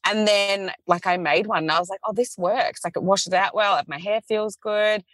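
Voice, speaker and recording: A woman's voice: mid-range voice, moderate pace, dry recording. A woman in her thirties telling a story as a guest, acting out quotes with a laugh. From Australia. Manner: animated storyteller, acts out quotes, laughs often. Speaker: small business founder, podcast guest. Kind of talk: casual chat.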